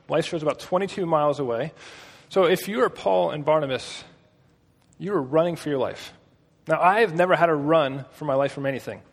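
A man's voice: a little high, breathy edge, big-room sound. A man preaching a casual, storytelling sermon with a conversational manner and joking asides.

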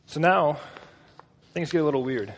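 A man with a fairly high, husky voice preaches a casual sermon. He talks conversationally and tells stories with joking asides. His voice rings out in a hall with a long reverb. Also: animated, moderate pace.

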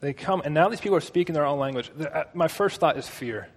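A man with a fairly high, husky voice preaches a casual sermon. He talks conversationally and tells stories with joking asides. His voice rings out in a hall with a long reverb. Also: expressive, fast.

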